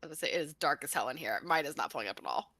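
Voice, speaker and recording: Bright-voiced, bubbly woman player. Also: sits low, animated, dry recording. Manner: bubbly, quick joking. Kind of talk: tabletop game chat.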